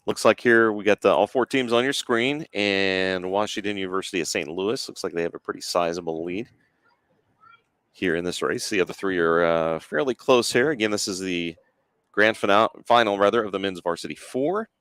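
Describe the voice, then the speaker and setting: Guy doing play by play at a regatta, lowish voice, laid back, dry mic. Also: a bit bright, smooth, dry recording. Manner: easygoing, agreeable, fills with quick asides. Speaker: play-by-play commentator. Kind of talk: sports broadcast commentary.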